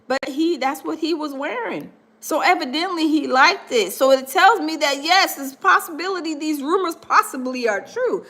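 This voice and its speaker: A woman hosting a gossip livestream, chatting with viewers in an animated, emphatic way. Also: high voice, a little slow. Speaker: gossip show host.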